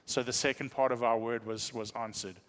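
A man telling a humorous, animated testimony as a pastor in a church. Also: mid-range voice, fairly quick, in a large hall. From South Africa. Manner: animated storytelling, self-deprecating humor. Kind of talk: sermon testimony.

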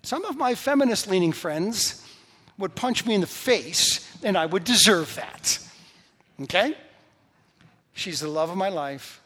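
Preacher guy, kinda high voice, hammering points home by repeating them, big echoey church hall. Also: animated, unhurried, fairly bright tone. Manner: emphatic, repeats key phrases for stress. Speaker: pastor. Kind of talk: sermon. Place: church sanctuary. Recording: long reverb of a large hall.

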